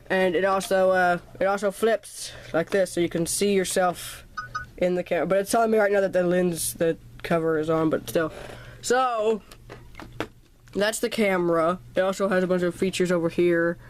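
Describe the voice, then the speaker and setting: At home in her bedroom, a teenage girl vlogs a casual birthday haul, chatting and rambling as she points at her presents one by one. She's a little sick and slightly out of breath, with a lowish voice, and the camera's built-in mic picks up a bit of hiss or hum.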